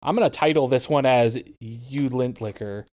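A man's voice: mid-range voice, darkish tone. Casual: easygoing podcast guy, mid voice, hedges a lot, chill back-and-forth. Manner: measured, hedging, agreeable. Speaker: podcast co-host. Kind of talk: casual chat.

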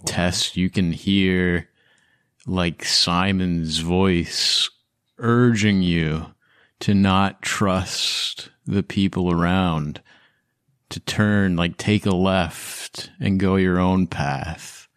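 Slow, deep-voiced man narrating a game. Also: steady tone, clear, resonant tone, dry recording, studio quality. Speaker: game master.

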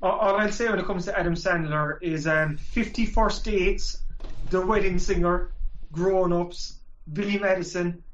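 A man's voice: sits high, fairly even intonation, unhurried, fairly bright tone. Co-host, man, hesitant and hedging, roomy dull-sounding mic. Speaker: podcast co-host. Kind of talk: casual chat.

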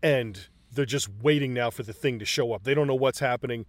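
Excitable man in casual chat, dry sound. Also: medium pitch, fairly quick, no room sound. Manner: excited, profane, acts out movie lines. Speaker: podcast co-host.

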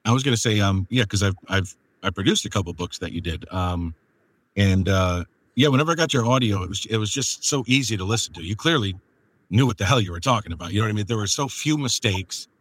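Low-voiced rambling male podcast host. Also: animated, quick pace, fairly bright tone. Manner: rambling, many fillers, laughs often. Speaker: podcast host and audiobook producer. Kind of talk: casual interview chat.

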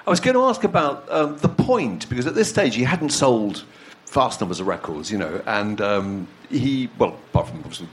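A man's voice: mid-range voice, very animated, moderate pace, few pauses, a little hiss or hum. A man interviewing a guest, asking long questions with hesitations and restarts.

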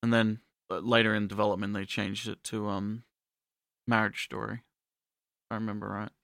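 Bright, low-voiced man on a podcast. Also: flat delivery, normal speed, gravelly, no room sound, studio quality. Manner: hesitant, filler-heavy, wry. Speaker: podcast co-host. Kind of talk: casual podcast chat.

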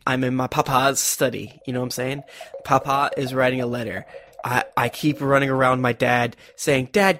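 A man playing a character in a tabletop role-play, animated and jokey, recorded close to the mic. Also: medium pitch, a little hiss or hum. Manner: animated, jokey, breaks into laughter. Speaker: player.

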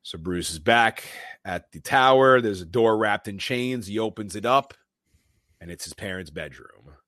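A man's voice: low voice, no echo, clean studio sound. A man co-hosting a podcast, casually retelling a film's plot scene by scene and acting out the characters' lines. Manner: animated retelling, quoting characters. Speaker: podcast co-host. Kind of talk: casual movie recap.

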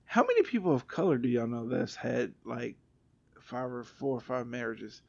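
A man's voice: medium pitch, big pitch swings, moderate pace, creaky, muffled recording. A man in casual chat, telling stories with a joking, incredulous edge.

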